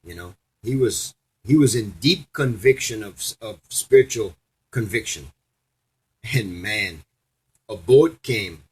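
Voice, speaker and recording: A man's voice: lowish voice, expressive, slow, breathy edge, low-quality recording. A man delivering an angry, profane, preachy rant to his audience as a vlogger. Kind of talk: angry ranting monologue.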